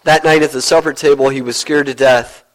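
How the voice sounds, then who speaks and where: A man preaching a sermon as pastor, telling a story earnestly and dropping low to stress his points. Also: fairly even intonation, a little fast, poor audio.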